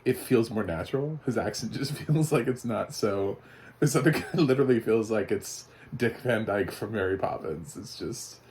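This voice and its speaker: A man's voice: fairly low pitch, a little mellow. A man giving a casual, chatty spoken movie review, often laughing. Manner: chatty, laughing, mock voices for quotes.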